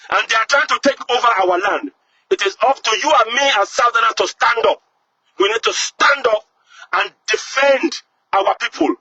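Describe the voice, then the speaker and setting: A man making an impassioned, angry political appeal that rises to shouts. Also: very high voice, breathy edge. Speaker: activist speaker. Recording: muffled lo-fi audio.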